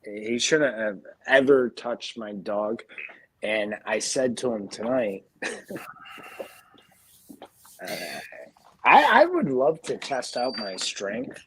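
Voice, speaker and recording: A man's voice: mid-range voice, big pitch swings, slow pace, long pauses, fairly bright tone, a little hiss or hum, rough recording. A drunk man telling a rambling, profane story in casual livestream chat.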